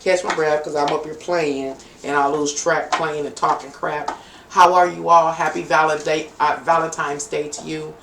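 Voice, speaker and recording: Gravelly middle-aged woman in a roomy space. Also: low-pitched, fairly even intonation, moderate pace. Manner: playful, bawdy banter with viewers. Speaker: tarot reader. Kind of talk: casual live-stream tarot reading. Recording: roomy, distant home mic with faint background hum.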